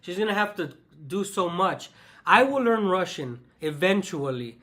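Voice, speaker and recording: Young Mexican man, Mexican Spanish accent, high bright voice, emphatic mock-exasperated vlog host. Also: lively intonation, normal speed. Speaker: vlogger. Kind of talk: casual chat.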